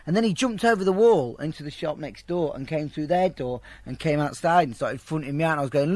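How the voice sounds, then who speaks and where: A man telling a crude, profane anecdote in a blunt, animated way to an interviewer. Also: a little high, quick pace, few pauses. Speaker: storyteller. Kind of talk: casual anecdote told to an interviewer.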